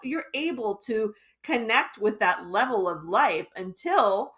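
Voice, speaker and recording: A woman's voice: mid-range voice, expressive, unhurried, a bit bright. Earnest woman author explaining. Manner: earnest, explanatory, thinking aloud. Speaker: author guest. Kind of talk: casual interview chat.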